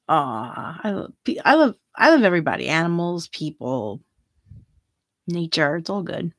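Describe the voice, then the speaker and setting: A woman's voice: fairly low pitch, very animated, unhurried, long pauses, a bit bright, no echo, studio quality. A middle-aged woman hosting a free tarot reading livestream, chatting casually, giggling often and reading viewer comments aloud.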